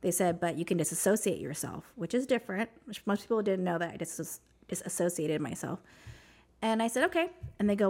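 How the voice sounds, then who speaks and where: A woman, an interview guest, telling her personal story in casual conversation, animated, saying "like" a lot and acting out what others said. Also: medium pitch, brisk.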